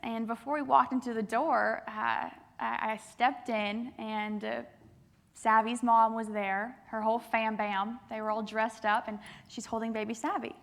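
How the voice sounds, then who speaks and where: A young woman giving a keynote speech to a youth assembly, telling lively stories with acted-out quotes. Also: on the high side, measured pace, vocal fry. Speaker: keynote speaker. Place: large assembly hall.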